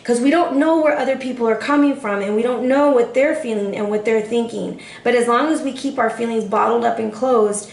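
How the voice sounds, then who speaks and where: A woman's voice: fairly high pitch, brisk, gravelly, few pauses, a little mellow, roomy sound, a little hiss or hum. A woman giving a casual tarot forecast straight to the viewer, sassy and chatty, calling her listener baby. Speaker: tarot reader.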